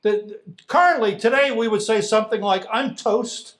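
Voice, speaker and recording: A man preaching a sermon as pastor, animated, swinging from hushed lines to loud emphatic ones. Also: sits high, moderate pace.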